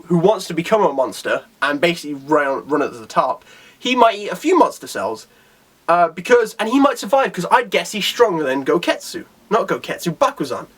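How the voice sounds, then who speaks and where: A man talks through a comic chapter in a casual, rambling way, full of restarts and fillers. His voice sits on the high side for a man. He speaks with eager, loose enthusiasm. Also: fairly bright tone. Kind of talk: casual video review.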